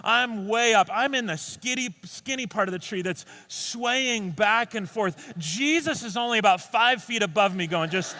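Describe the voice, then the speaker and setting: A male comedian tells a story on stage with a high, bright voice. His delivery is animated and full of quick restarts. The tone is sharp and lively. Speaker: stand-up comedian. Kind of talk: comic storytelling.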